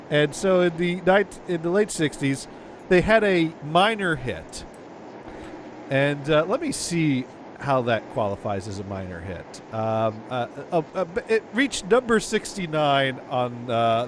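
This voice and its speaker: A man's voice: on the high side, big pitch swings, a little slow, background noise. A man hosting a casual radio show, chatting about old records with a rambling manner, often repeating words and chuckling.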